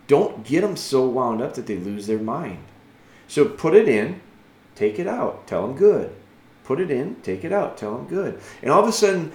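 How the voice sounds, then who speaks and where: A podcast host and dog trainer answers a listener, giving patient, earnest advice in a mid-range voice and thinking aloud. When modeling calm commands, he goes soft and slow. The room is echoey.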